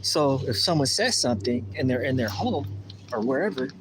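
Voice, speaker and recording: A man's voice: mid-range voice, moderate pace, background noise. Rambling man chatting on a livestream. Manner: rambling, animated, acts out quoted voices. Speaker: livestream host. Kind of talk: casual livestream chat. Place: outdoors at a lake.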